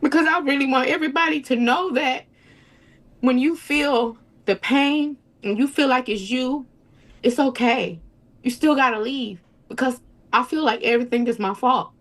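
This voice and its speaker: A young woman, an interview guest recounting a personal ordeal in a tumbling, repetitive way. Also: a little high. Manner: tumbling storytelling, quotes others in voices, repeats and restarts. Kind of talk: emotional personal account.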